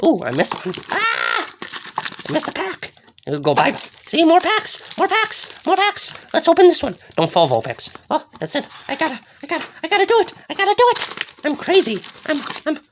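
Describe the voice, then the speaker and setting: A woman's voice: high voice, huge pitch swings, fairly quick, noisy background. A woman in an unboxing vlog, giddy and squealing, rambling to herself as she opens card packs. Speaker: card pack opener.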